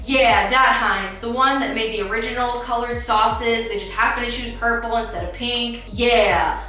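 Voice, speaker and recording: A woman's voice: on the high side, fairly even intonation, moderate pace, bright, forceful tone, recorded from a distance. A woman hosting a podcast, giving sassy, jokey commentary with playful asides. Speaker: podcast host. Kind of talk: casual commentary. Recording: echoey room, faint music, off-mic.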